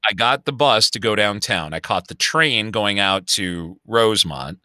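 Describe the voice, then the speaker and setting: Chicago man, fifties, podcast co-host, animated storyteller, crisp and bright voice, dry recording. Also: on the low side, unhurried, no room sound. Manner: storytelling, animated, swears freely. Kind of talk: casual chat.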